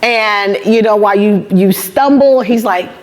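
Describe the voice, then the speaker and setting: Animated woman telling a lively story. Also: mid-range voice, unhurried. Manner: animated storyteller, acts out quoted dialogue; emphatic repetition. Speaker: guest speaker. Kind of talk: motivational talk to students.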